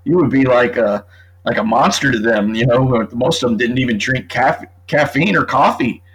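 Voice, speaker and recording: Here the same kind of talkative guest, a middle-aged man who writes books and discusses true crime, speaks at a moderate pace in a mid-range, slightly bright, slightly rough voice. Over a rough recording, he works through his argument step by step in relaxed podcast conversation.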